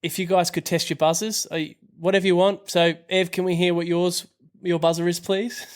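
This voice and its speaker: A man's voice: high voice, flat delivery, moderate pace, clean tone. A man co-hosting a casual podcast who runs a quiz for his friends, reading out questions in an upbeat, joking way and swearing now and then. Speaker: podcast co-host running a quiz.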